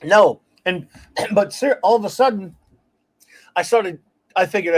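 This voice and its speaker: Animated ranting man, high voice. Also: unhurried. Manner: animated, ranting, laughs while telling stories. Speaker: podcast host. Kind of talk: casual chat.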